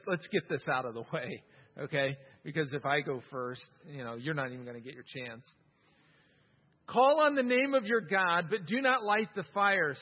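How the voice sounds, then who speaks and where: Man, preacher, high voice, sermon in a reverberant hall, muffled sound. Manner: animated scripture reading, wry humor.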